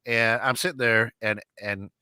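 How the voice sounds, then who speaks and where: A man's voice: medium pitch, fairly even intonation, normal speed, pushed and bright, clear, resonant tone, no echo. A man co-hosting an internet radio talk show, chatting casually and telling rambling stories full of restarts and acted-out quotes. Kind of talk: casual chat.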